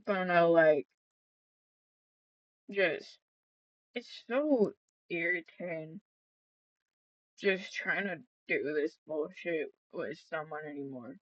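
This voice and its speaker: A woman's voice: deep voice, slow pace, pauses often, no echo, muffled recording. A woman gaming vlogger telling a story in casual chat, rambling and swearing, with many fillers and restarts.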